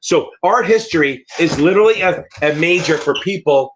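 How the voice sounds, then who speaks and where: A middle-aged American man with a fairly high-pitched voice runs a live exam-prep Q&A. He talks bluntly and rambles, swearing often as he answers questions. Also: lively intonation, a little fast, hardly any pauses, a bit bright, slight background noise. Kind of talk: live Q&A teaching.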